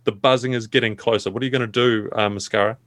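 A man narrating a tabletop game as game master, in a measured, descriptive way with fillers. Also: mid-range voice, fairly even intonation, fairly bright tone, no room sound.

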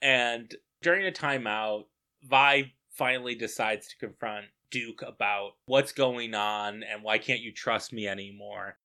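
A co-host walking through a film's plot in casual, joking chat. The voice sits in a middle pitch and sounds bright and clear. The humor comes out dry and wry, with mock-formal asides. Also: unhurried. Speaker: podcast co-host. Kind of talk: casual comedic film recap chat.

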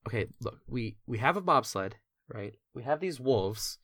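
A man's voice: mid-range voice, animated, normal speed, a bit bright, slight background noise. A man narrating as game master in a tabletop game, in a casual rambling way.

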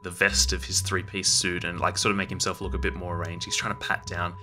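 A man narrating his character's actions in a tabletop role-playing game, pausing often with fillers. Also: low-pitched, little pitch movement, sharp tone, soft background music. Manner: hesitant, with many fillers. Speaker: player.

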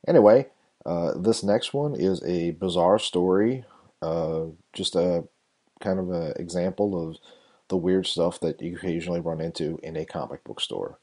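A man hosting a podcast, introducing the next clip in a relaxed way with wry asides. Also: low voice, moderate pace. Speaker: podcast host introducing clips. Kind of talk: casual show intro.

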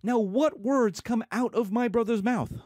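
A man's voice: extremely high pitch, measured pace, darkish tone, no echo, clean studio sound. A man lecturing as a professor, asking and answering his own questions and acting out little scenes. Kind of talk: lecture to students.

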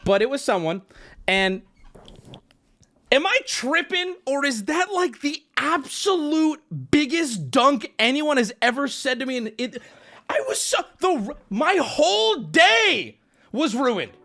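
A male streamer telling a story in casual livestream talk, animated and swearing, rambling with restarts. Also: very high-pitched, slow, gravelly.

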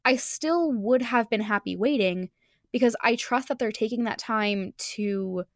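Brief: female podcast host, slightly high voice, dry close sound, eager and halting. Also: no echo. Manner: enthusiastic, halting restarts, laughs often. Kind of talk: casual podcast chat.

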